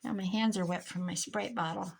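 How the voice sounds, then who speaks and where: A woman's voice: mid-range voice, steady tone, a little fast, vocal fry, slight background noise. A middle-aged woman rambling casually to herself and her viewers as she works on a craft project at her desk, with chatty asides. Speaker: crafting YouTuber. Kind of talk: casual crafting chat while working.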